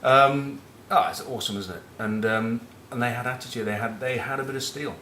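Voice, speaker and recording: A middle-aged former rugby captain from northern England, Northern English accent, rambles cheekily and sweary through match talk and anecdotes. His medium-pitched voice is bright and forceful, fairly quick, with fairly even intonation. The room is reverberant and carries a little hiss or hum.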